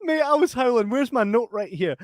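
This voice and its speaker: Giggly man with a lively voice. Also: extremely high pitch, fairly quick, no room sound, clean studio sound. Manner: laughs a lot, acts out film scenes with loud yelps. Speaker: podcast co-host. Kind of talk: casual podcast chat.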